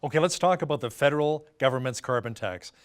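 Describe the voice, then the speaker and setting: A man hosting a local newscast, asking guests brisk, conversational questions. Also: mid-range voice. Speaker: news anchor. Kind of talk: news interview hosting.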